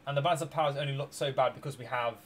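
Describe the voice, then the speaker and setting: In rapid-fire casual commentary, a man plays a strategy game on stream, talking through each move in a meandering way. He's worn out and hiccuping, chuckling softly as he stops, restarts, and fixes what he said. His voice sits at medium pitch, with faint hiss or hum.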